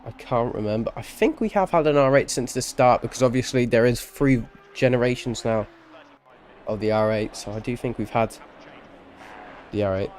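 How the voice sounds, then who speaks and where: A man's voice: mid-range voice, normal speed, darkish tone, a little hiss or hum. A man giving live-streamed sim racing commentary, chatty and rambling, with self-deprecating asides and a tired edge.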